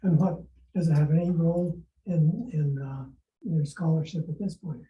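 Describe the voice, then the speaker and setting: A man sits in on a class and puts a question hesitantly, halting between words. His voice is fairly high and comes through dull and lo-fi, as from a distant mic. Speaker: class participant.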